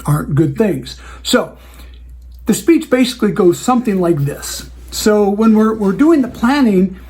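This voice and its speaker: A man's voice: high-pitched, lively intonation, unhurried, a little mellow. A man who hosts a show for wedding DJs, talking through client advice in a casual, conversational way and acting out the dialogue he has with clients.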